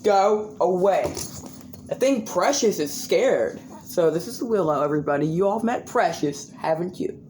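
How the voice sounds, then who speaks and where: A woman talking casually to a phone camera at home about her pets, chatty and slow. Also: lively intonation, slight background noise. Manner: slow, chatty, scolding pets in sudden high shouts. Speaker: pet owner vlogger. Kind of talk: casual vlog talk to camera.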